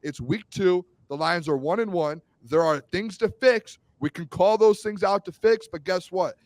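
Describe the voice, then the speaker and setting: A man's voice: high-pitched, normal speed, no echo. A man co-hosting a sports podcast, arguing defensively and stumbling over his words in a heated debate. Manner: defensive, stammering restarts. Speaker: co-host.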